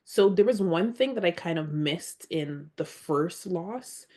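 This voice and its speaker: A woman recounts her personal story as a podcast guest in an unhurried, measured way. Her voice sits a little low and stays earnest and heartfelt. At moments she sounds close to tears. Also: animated, mellow. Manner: heartfelt, earnest, slow and reflective. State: near tears at times.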